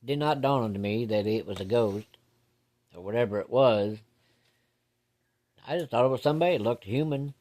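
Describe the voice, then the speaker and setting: A man's voice: medium pitch, normal speed, long pauses, darkish tone. A man telling a personal ghost story from his childhood in a folksy, plain-spoken way with casual swearing.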